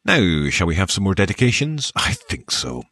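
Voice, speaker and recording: A man with a soft Scottish accent hosting a show, reading archaeology news and dedications with wry, dry joking asides. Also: deep voice, huge pitch swings, normal speed. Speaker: podcast host.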